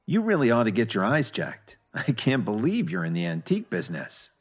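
A man's voice: medium pitch, huge pitch swings, brisk, breathy edge. A man voicing a blunt, confident young man in a read-aloud story, speaking with cool scorn. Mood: scornful.

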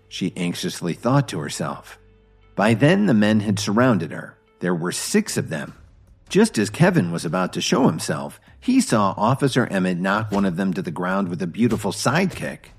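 Husky low-voiced male story narrator. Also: big pitch swings, normal speed. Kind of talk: scripted narration. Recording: faint background music.

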